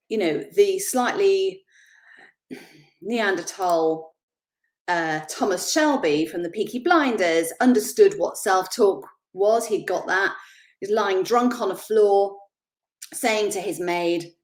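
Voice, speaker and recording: A middle-aged woman giving a chatty, animated motivational talk on confidence, laughing at herself as she goes. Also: mid-range voice. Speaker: confidence speaker.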